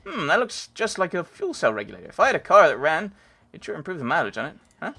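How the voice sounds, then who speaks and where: A man's voice: fairly high pitch, huge pitch swings, rapid-fire, creaky, a bit bright, breathy edge, voice pushed up, exaggerated voice. A man voicing a folksy, boastful old male mechanic from a game, with a homespun drawl and background music.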